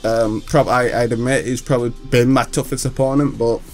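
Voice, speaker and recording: A man's voice: mid-range voice, fairly even intonation, normal speed, faint music behind. A man giving hyped, trash-talking gameplay commentary, laughing often. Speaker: gaming channel host.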